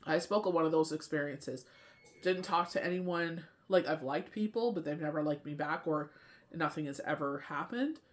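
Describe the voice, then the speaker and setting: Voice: mid-range voice, moderate pace. A tarot reader and medium in a casual spiritual talk, rambling and often asking "you know what I mean".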